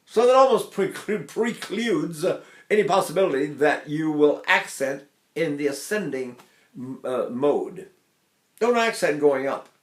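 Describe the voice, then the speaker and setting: Older male voice teacher, slightly high voice, chatty, echoey room. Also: animated, unhurried. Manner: folksy, chatty, asks "right?" and "see?". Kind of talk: singing lesson with sung demonstrations.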